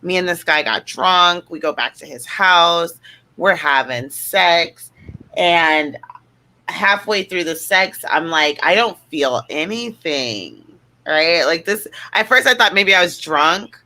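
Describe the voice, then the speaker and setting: A woman's voice: on the low side, takes it slowly, sharp tone. A woman in her thirties chatting casually on a panel, blunt and profane. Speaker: panel guest. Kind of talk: casual chat.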